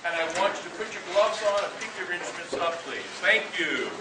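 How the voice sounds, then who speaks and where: A high-voiced man directs a band's breathing warm-up, explaining, then calling out counts firmly. He sounds distant from the mic in a big echoey rehearsal room, with hiss underneath. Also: expressive, brisk. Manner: calls counts loudly and firmly, explains between sets. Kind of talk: instructional coaching with counted exercises. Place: large rehearsal room with a band.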